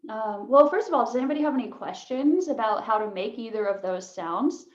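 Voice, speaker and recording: Woman, voice coach, casual and giggly, higher voice; echoey room, muffled online audio. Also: expressive, fairly quick. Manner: chatty, laughs easily, many "like" fillers. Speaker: voice workshop leader.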